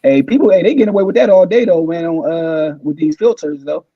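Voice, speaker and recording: A man co-hosting a podcast in casual chat, rambling and animated, piling on "like" and "man". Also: fairly high pitch, fairly quick, no echo, muffled recording. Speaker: podcast co-host.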